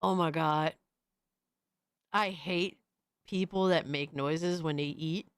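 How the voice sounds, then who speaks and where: A young adult woman streamer doing profane, excitable reaction commentary, often shrieking in disbelief. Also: low voice, slow, smooth, no echo, studio quality.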